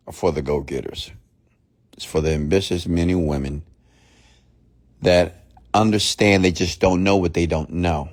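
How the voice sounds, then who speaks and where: A young man hosting a motivational podcast, speaking in an emphatic, preachy way and repeating his key points for effect. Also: low voice. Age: young adult. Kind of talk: motivational monologue.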